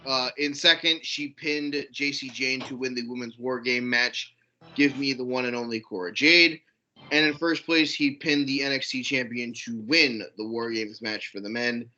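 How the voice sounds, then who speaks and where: Guy co-hosting a podcast, bright kinda dull lo-fi sound, hypes names like an announcer. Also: mid-range voice, steady tone, moderate pace, hardly any pauses. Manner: swears casually, hypes names like a ring announcer. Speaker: podcast co-host. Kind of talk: casual podcast chat.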